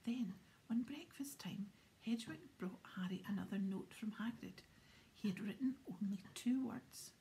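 A woman reading a children's novel aloud in a soft, steady whisper. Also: mid-range voice, a little slow, slight background noise. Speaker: audiobook narrator.

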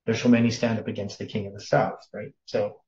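A man leading an informal Bible study, thinking aloud with many pauses and fillers as he works through word meanings. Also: fairly low pitch, level tone, a little mellow. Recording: roomy, slightly dull recording.

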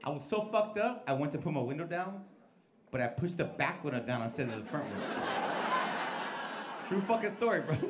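A man doing a stand-up set in a comedy club, telling stories loudly and profanely with lots of crowd work and put-on voices. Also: on the high side, brisk, pauses often. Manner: loud, profane, animated storytelling with put-on voices. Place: comedy club stage with live audience. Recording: live club recording with crowd noise.

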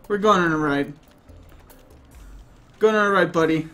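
A man giving playful, excitable let's play commentary and often bursting into laughter. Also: fairly high pitch, measured pace, long pauses, faint music behind. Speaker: gaming YouTuber.

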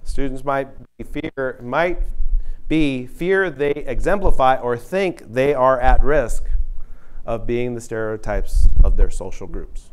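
A man's voice: medium pitch, takes it slowly, clean tone, rough recording. A middle-aged man from Texas leading an interactive diversity workshop, telling personal stories and putting questions to the audience. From San Antonio, Texas. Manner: conversational, anecdotal, asks the audience questions. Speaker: workshop presenter.

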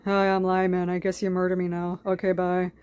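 A woman's voice: fairly low pitch, completely flat delivery, brisk, a little mellow, smooth, natural voice. A woman voicing an offhand adult man from a cartoon, speaking in a profane, matter-of-fact way in her own voice. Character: easygoing adult man, a cartoon dog owner.

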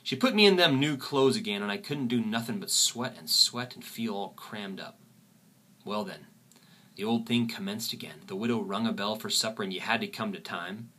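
A man's voice: fairly low pitch, normal speed, bright, forceful tone. A man reading aloud as a plainspoken young boy telling his own story in a folksy way.

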